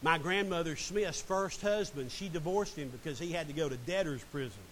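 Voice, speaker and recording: A man's voice: a little high, normal speed, fairly bright tone, poor audio. A middle-aged man preaching a sermon and reading scripture dramatically. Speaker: pastor. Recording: faint hiss.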